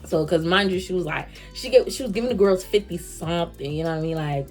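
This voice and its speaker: A young woman vlogger tells a storytime rant and acts out both sides of an argument as she goes. Her voice sits a little low and runs lively. Faint music plays behind her. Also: fast.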